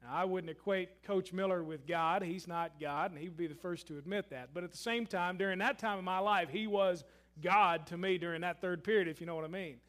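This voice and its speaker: A man preaching a sermon and telling a story, shifting between loud emphasis and hushed asides. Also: high voice, brisk. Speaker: pastor.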